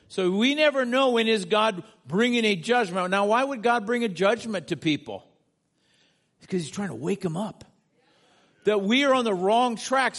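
A male pastor preaching a sermon from the United States, earnest, building to emphatic peaks and asking the congregation questions. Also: high-pitched.

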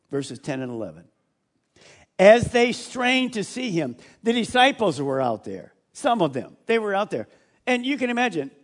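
Animated high-pitched male preacher. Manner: animated preaching, voices scripture loudly then drops to hushed asides. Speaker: pastor. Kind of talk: sermon.

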